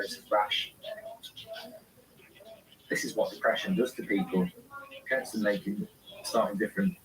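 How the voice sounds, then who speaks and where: A man's voice: on the low side, a bit bright, recorded from a distance, poor audio. A man hosting a live football watchalong, reading viewer comments aloud and answering them in casual chat.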